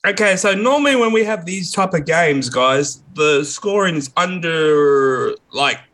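A man co-hosting a casual sports podcast, thinking his picks through out loud. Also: a little high, lively intonation, measured pace. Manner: chatty, reasons out loud. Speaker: podcast co-host. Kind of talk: casual chat.

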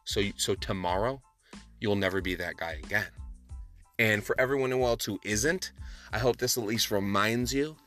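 A man's voice: fairly low pitch, fairly bright tone, soft background music. A man hosting a solo podcast, talking with passion and emphasis, often restarting his sentences. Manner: passionate, emphatic, talks fast with many restarts. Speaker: podcast host.

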